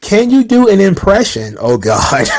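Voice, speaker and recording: Chatty man with a fairly high voice. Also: slow pace. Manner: chatty, animated, laughs easily, rhetorical questions. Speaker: channel host answering viewer questions. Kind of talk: casual wrestling commentary.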